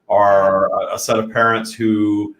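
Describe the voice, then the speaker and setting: A man's voice: on the low side, little pitch movement, a little slow, a bit bright. A man hosting a spiritual live stream, talking earnestly and reflectively in a casual way. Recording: echoey room.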